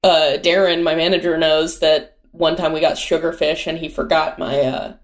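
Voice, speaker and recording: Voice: medium pitch, level tone, normal speed. Chatty young adult guest. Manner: chatty, filler-heavy, self-mocking. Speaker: touring musician-comedian, guest. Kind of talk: casual chat.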